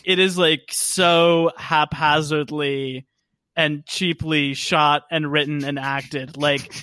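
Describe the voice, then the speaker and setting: A man's voice: on the high side, fairly even intonation, slow pace, sharp tone, clear, resonant tone, no room sound, studio quality. A man co-hosting a casual movie review chat, talking in a wry, chatty way full of "like" fillers. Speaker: podcast co-host.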